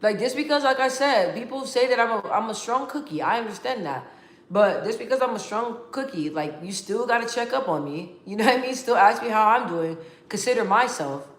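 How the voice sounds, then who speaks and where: A woman's voice: fairly high pitch, lively intonation, brisk. Candid woman venting in a roomy space. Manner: candid, emotional, rambling with many restarts. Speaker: vlogger. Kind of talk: casual heartfelt vlog talk. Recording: roomy echo.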